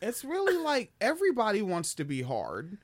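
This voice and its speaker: A man's voice: high-pitched, huge pitch swings, moderate pace, dry recording, clean studio sound. A man hosting a casual news podcast, sarcastic and profane as he reacts to clips. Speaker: podcast host.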